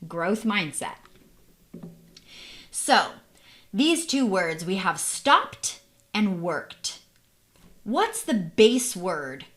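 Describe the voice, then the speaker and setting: A woman teaching an English pronunciation lesson at a slow, deliberate pace. She models each word ending carefully and repeats it. She often turns to the learner with questions. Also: medium pitch, sing-song, fairly bright tone.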